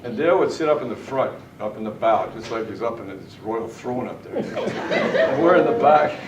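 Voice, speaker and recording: Here the middle-aged man's medium-pitched voice swings widely in pitch at a moderate pace while he shares fishing anecdotes in a tribute speech, laughing often. The sound is lo-fi, with the echo, distance and noise of a large indoor party room.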